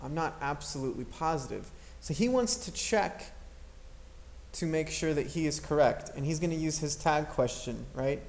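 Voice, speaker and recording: Male English teacher, slightly high voice, patient explainer who demonstrates intonation. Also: lively intonation, normal speed, a little mellow, slight background noise. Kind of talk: grammar lesson.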